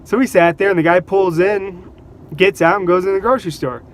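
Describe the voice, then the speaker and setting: A man with a fairly high voice tells casual stories to the camera. He is animated, laughs often and slips into voices for the people in his stories. There is a faint hum of outdoor traffic behind him. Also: brisk. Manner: animated, laughs between anecdotes, acts out quotes. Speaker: vlogger. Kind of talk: casual storytelling.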